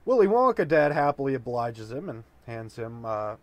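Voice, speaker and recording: A man's voice: mid-range voice, sing-song, normal speed. A drunk man improvising a long dirty joke, rambling with many fillers. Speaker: comedic storyteller.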